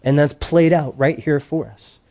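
A man's voice: fairly high pitch, measured pace, mellow. A middle-aged male pastor giving a conversational sermon, acting out short quoted voices as he preaches.

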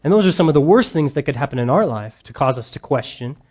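A man's voice: mid-range voice, lively intonation, fast talker, darkish tone. A man preaching a sermon to his congregation, earnest and emphatic, with the odd joking aside. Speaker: pastor.

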